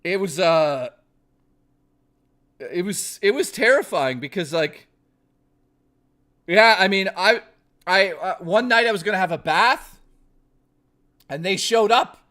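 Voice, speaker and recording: A man's voice: high voice, expressive, takes it slowly, pauses often, bright, forceful tone. A man livestreaming, chatting casually to his viewers in a rambling, profane, joking way, full of restarts. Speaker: livestreamer talking to chat.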